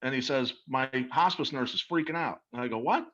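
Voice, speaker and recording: Speaking fairly quickly in a pushed, bright mid-range voice, this middle-aged interview guest comes through with lo-fi sound. He earnestly and emphatically recounts stories about a product, repeating words as he goes.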